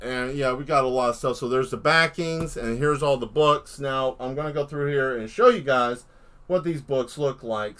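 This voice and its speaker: A man hosting a live stream as an artist, chatting casually and playfully while showing his artwork, rambling with bursts of excitement. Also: mid-range voice.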